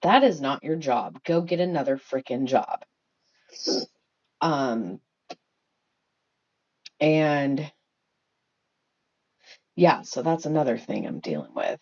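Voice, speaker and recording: A woman's voice: rumbling low, animated, takes it slowly, gravelly, long pauses, a little mellow. A woman, a mother, venting on a casual livestream, heated and swearing, rambling with lots of fillers. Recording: dull lo-fi phone audio.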